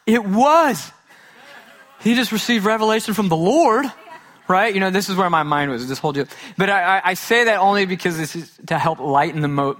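A man preaching a sermon, telling a funny childhood story with self-mocking humor, then dropping to a hushed, earnest tone. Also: fairly high pitch. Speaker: pastor.

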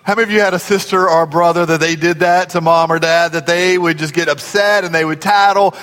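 Guy pastor preaching, kinda high voice, chatty, echoey church hall. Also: fairly even intonation, a little fast, a bit bright. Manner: folksy and conversational, asks the audience questions. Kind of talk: sermon.

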